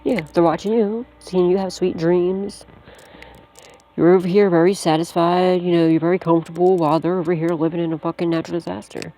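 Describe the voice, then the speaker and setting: A woman with a dark, mellow voice talks her way through a tarot reading in a loose, off-the-cuff style. She is blunt and full of slang, swears freely, and keeps reassuring the listener directly. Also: fairly low pitch, steady tone, fairly quick. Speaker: psychic tarot reader. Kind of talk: casual spoken tarot reading.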